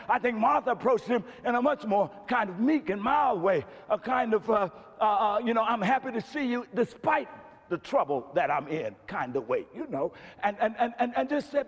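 A man preaching from the pulpit, his voice sitting very high for a man and swinging widely in pitch. He builds from hushed storytelling to shouted emphasis, with long church reverb trailing each phrase. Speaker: pastor. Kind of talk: sermon. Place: church sanctuary.

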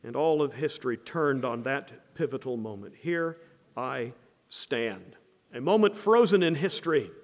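A man telling history as a dramatic lecture, emphatic, with pauses and swelling stresses. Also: mid-range voice, expressive. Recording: dull lo-fi sound in a reverberant hall.

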